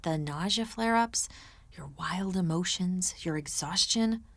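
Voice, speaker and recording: A woman narrating an audiobook, voicing an earnest, emotional young woman who talks in a hushed, hesitant way. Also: medium pitch, expressive, a little slow, no echo, close to an everyday voice. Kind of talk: audiobook character voice.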